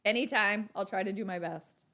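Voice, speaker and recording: Casting: chatty, excitable woman host reacting live to a football game. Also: medium pitch, normal speed. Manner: excitable, chatty, laughing often. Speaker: sports channel host.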